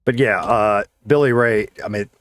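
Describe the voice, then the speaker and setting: A man's voice: fairly low pitch, moderate pace, a bit bright, slight background noise. A man streaming a game, chatting casually and thinking aloud in a rambling, self-deprecating way. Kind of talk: casual live-stream chat while playing.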